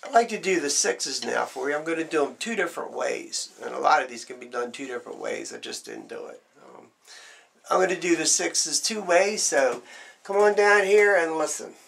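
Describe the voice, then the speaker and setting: A man's voice: on the high side, big pitch swings, normal speed, vocal fry. A man teaching drum strokes, explaining plainly and counting beats aloud as he demonstrates. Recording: loud background noise.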